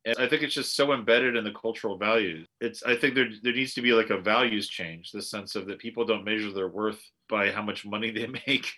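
A man from the United States co-hosting a podcast, talking in an animated, opinionated way with frequent restarts. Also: lowish voice, brisk, hardly any pauses. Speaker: podcast co-host. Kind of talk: casual conversational commentary.

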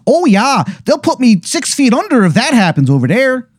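A man voicing a bumbling male wizard in an exaggerated Upper Midwest accent, high and folksy. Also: sing-song, moderate pace, no room sound, clean studio sound, heavily acted.

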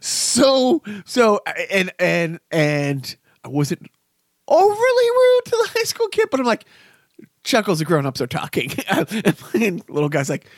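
A man's voice: sits high, huge pitch swings, takes it slowly, dry recording, clean studio sound. A man in his fifties hosting a casual chat, telling rambling stories and laughing often. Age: 50s. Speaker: podcast host.

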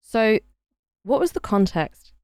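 A woman co-hosting a podcast, asking questions and joking in quick banter. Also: fairly high pitch, big pitch swings, a little mellow, clear, resonant tone, no echo, clean studio sound. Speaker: podcast co-host. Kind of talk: casual podcast chat.

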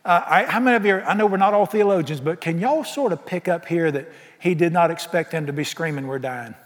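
The long reverb of a church sanctuary surrounds this male pastor's slightly high voice as he preaches a little fast. His sermon is folksy and exuberant, with lively intonation and a steady stream of rhetorical questions.

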